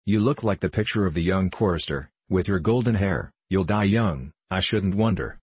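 Man doing a polite bossy big sister, decided, low husky read. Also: animated, normal speed, darkish tone, dry recording. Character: sensible, polite eldest girl.

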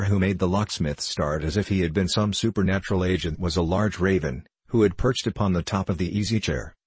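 A man reading a classic novel aloud as narrator in a steady, even manner. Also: low-pitched, breathy edge, no echo.

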